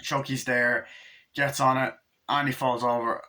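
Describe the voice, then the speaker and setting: A man recaps a movie in a loose, excitable way, swearing freely and acting out bits of the scenes. His voice is bright and forceful, at a middling pitch. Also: unhurried. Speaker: movie reviewer.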